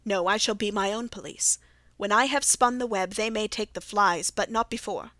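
A woman reading the part of a brilliant, aloof male detective in an audiobook, with a measured, precise delivery. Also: mid-range voice, a bit bright, dry recording, lightly acted. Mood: stung, resolute.

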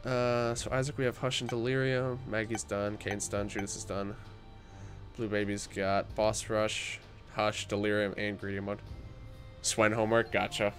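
A man's voice: fairly low pitch, level tone, moderate pace, soft background music. Sick, tired young man livestreaming a game. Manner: chatty, reads chat aloud, frequent fillers and restarts. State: sick and tired, croaky voice cracks. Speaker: gaming livestreamer. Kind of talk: casual livestream commentary.

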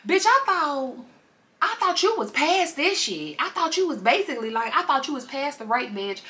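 A woman's voice: sits high, very animated, moderate pace, pushed and bright, pitched above the performer's own voice, full character voice. A woman voicing a scornful, image-obsessed young man who scolds his fiancée in profane slang.

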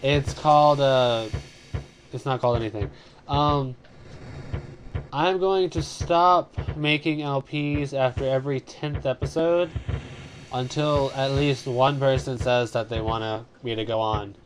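A man talks casually while he plays a video game, rambling from one thought to the next with frequent ums and side remarks. His voice sits at an ordinary middle pitch. He reads the game's text aloud as he goes. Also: a little slow, slight background noise. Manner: rambling, with many fillers and asides. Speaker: let's play host.

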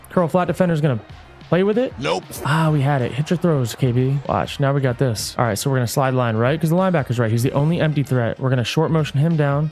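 A man giving hyped, excitable commentary on his own football video game play, coaching himself and yelling at big plays. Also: a little high. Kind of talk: hyped live gameplay commentary.

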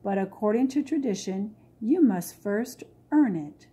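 A woman doing a gentle stately queen. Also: medium pitch, slightly rough. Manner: calm, measured, affectionate. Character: gentle, stately middle-aged queen mother.

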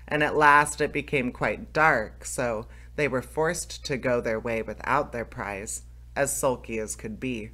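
A man reading a fairy tale aloud as narrator, steady, with small restarts. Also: mid-range voice. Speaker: storyteller, channel host.

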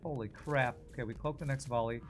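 A man's voice: mid-range voice, steady tone, quick pace, soft background music. A man casually commenting on his own gameplay on a live stream, thinking aloud and answering viewers. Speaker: game streamer.

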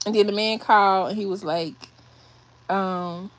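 A woman's voice: medium pitch, fairly even intonation, unhurried. A woman telling a story to viewers on a livestream, emotional and shaky, rambling and repeating herself. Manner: rambling, restarts and repeats phrases. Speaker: vlogger doing a livestream. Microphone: phone or webcam on a livestream.

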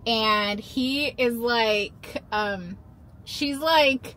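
A woman's voice: fairly high pitch, extremely slow, fairly bright tone. A woman in her thirties, a mother, chatting casually to a phone camera in a rambling, playful storytelling way while out and about. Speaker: vlogger. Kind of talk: casual vlog chat. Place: in a car and out and about.

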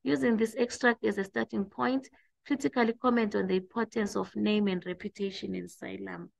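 A woman teacher giving an exam revision lesson, explaining slowly and restating points with hesitant fillers. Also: mid-range voice, fairly even intonation, gravelly, dry recording, low-quality recording. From South Africa.

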